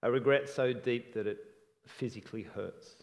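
A man preaching a sermon in an earnest, reflective way, often trailing off softly at the ends of phrases. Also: mid-range voice, normal speed, long reverb tail.

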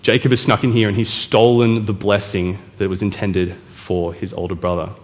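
Chatty preacher in an echoey hall. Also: male voice, lowish voice, little pitch movement. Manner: chatty, storytelling, with quick self-corrections. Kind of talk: casual sermon retelling a Bible story.

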